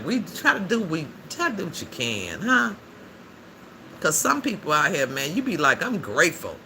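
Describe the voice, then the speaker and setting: A man hosting a livestream in a loose, chatty way, reading out viewers' comments and answering them as he goes, with frequent laughs. His voice has a gravelly rasp at a middling pitch. Steady background noise runs under everything. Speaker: livestream host. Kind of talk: casual livestream chat with viewers. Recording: noisy background ambience.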